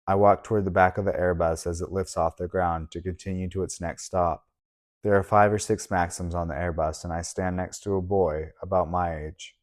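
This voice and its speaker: A man narrating an audiobook in a very low, deep voice. His reading is steady and measured, paced for a story.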